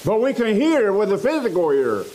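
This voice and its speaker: A man preaching a sermon in a church, slow and emphatic, repeating phrases for stress. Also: sits high, big pitch swings, mellow, a little hiss or hum, low-quality recording.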